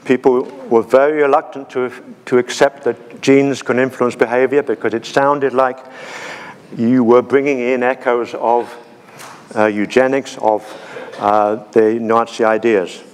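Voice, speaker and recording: A man gives a conference lecture with slides, and his voice sits at an ordinary middle pitch. He talks haltingly, with many ums and restarts. His voice rings with the long reverb of a large hall. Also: little pitch movement, slight background noise. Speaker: conference speaker.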